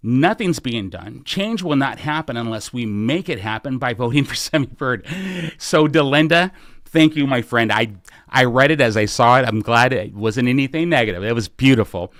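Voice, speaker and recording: A man's voice: medium pitch, expressive, normal speed, a bit bright, no echo, studio quality. A middle-aged American man hosting a live podcast Q&A, urging his listeners on with fervent, repeated calls to action. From United States. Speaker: podcast host and political candidate. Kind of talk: live podcast Q&A, rallying appeal.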